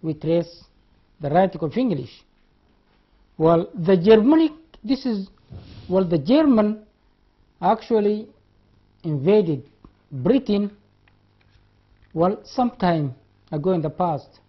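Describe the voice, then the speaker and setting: Speaking slowly with long pauses, a Sudanese university lecturer uses a breathy, mid-range voice with lively intonation. During the classroom lecture he spells words letter by letter, repeats key terms, and demonstrates sounds, heard through a dull lo-fi recording.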